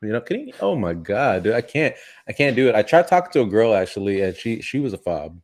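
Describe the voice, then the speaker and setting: A man's voice: fairly low pitch, big pitch swings, fast talker, a little mellow. A man from the Philippines co-hosting a casual podcast, swearing freely and joking and laughing through his stories. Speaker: podcast co-host. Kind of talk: casual chat.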